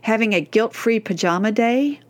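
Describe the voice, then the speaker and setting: Woman, parenting coach, soft reassuring delivery, scripted advice to mothers. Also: a little high, normal speed. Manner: gentle, reassuring, speaks directly to moms.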